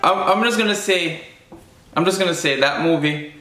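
A man co-hosting a reaction video, talking in a relaxed, repetitive way and laughing often. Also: sits high, moderate pace, faint music behind. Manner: relaxed, repeats himself, laughs. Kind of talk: casual reaction chat. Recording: echoey room.

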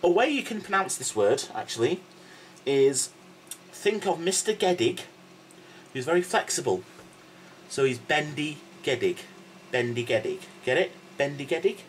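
A man's voice: a little high, very animated, moderate pace, long pauses, slight background noise, low-quality recording. A man giving a casual video lesson as a teacher, patient and playful, constantly checking in with the listener. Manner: playful, jokey asides. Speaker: language and singing teacher.

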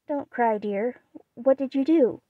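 An impulsive teenage girl, read by a woman, blunt and quick to exclaim, her voice pitched high and raised. It is a dry, close audiobook reading. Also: no echo, muffled recording. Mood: anxious.

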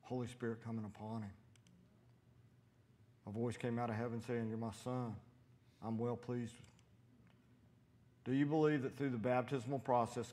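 A man preaching a sermon in a church, animated and storytelling, acting out voices as he quotes people. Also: medium pitch. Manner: animated, acts out quotes with loud shouted voices.

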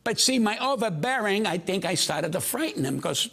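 Brash older man with a high, gravelly voice, rattling off anecdotes on a talk show. He jumps in and out of the voices of the people in his stories. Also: expressive, moderate pace, a bit bright. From United States. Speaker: comedian guest.

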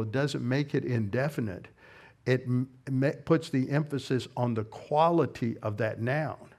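A man's voice: medium pitch, a little mellow. Man teaching a verse-by-verse sermon. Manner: methodical, explains Greek grammar and verse references. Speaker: pastor. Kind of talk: expository Bible teaching sermon.

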